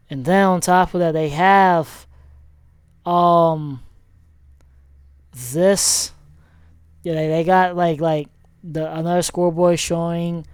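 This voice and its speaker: A man's voice: a little high, a little mellow, smooth, dry recording, studio quality. A man giving a casual, rambling sports recap as he clicks through a screen, with many fillers and self-corrections. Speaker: sports vlogger.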